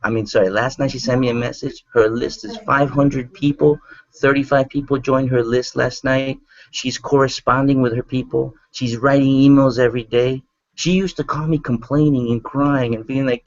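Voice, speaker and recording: A man co-hosting an online marketing broadcast, telling a testimonial story in an animated, rambling way and jumping up in pitch when excited. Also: moderate pace. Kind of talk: energetic motivational testimonial. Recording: dull lo-fi sound, dry.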